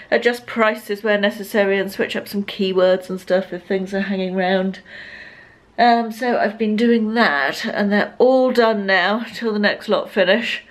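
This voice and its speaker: An English woman in her fifties chatting through her day in a rambling, self-mocking daily vlog, filmed on a handheld camera in her car and at home. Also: mid-range voice. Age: 50s. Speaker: lifestyle vlogger. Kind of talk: casual daily vlog chat.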